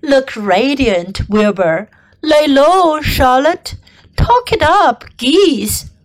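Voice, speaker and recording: A woman's voice: sits high, lively intonation, no room sound, exaggerated voice. A wise bossy old sheep, voiced by a woman. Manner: bossy, brisk commands. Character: wise old female sheep giving orders.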